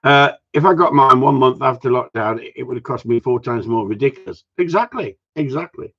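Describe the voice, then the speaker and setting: A man's voice: mid-range voice, animated, brisk, husky. A man hosting a live stream, chatting in a cheeky, sweary, rambling way that jumps between topics. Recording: dull lo-fi stream audio.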